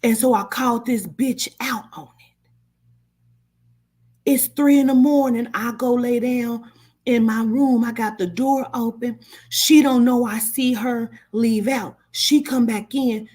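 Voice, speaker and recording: A woman's voice: on the high side, fairly even intonation, a little slow, a little mellow, husky. A woman who gives spiritual readings tells a personal story casually and bluntly, swearing often. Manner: blunt, swearing, acts out quoted voices. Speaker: spiritual reader.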